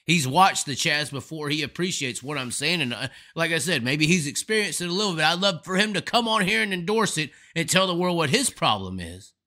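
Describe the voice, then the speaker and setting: A man's voice: on the high side, animated, a little fast, hardly any pauses, sharp tone. A man hosting a live stream, delivering a profane, emphatic, rambling rant of commentary. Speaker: host.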